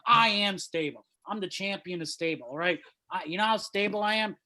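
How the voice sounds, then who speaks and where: Shouting in a high, bright, crusty voice at a brisk clip, a comedian from suburban Chicago delivers a stand-up set over video call, speaking into a laptop mic in his childhood bedroom. His loud, animated rants keep abruptly dropping to mumbling asides.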